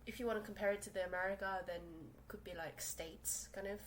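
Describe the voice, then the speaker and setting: She's a fast talker with a mid-range voice and fairly even intonation. A young woman from South Korea speaking English as a second language, she hosts a casual solo podcast from her small room, rambling with many fillers and restarts, on a low-quality recording with a little hiss or hum.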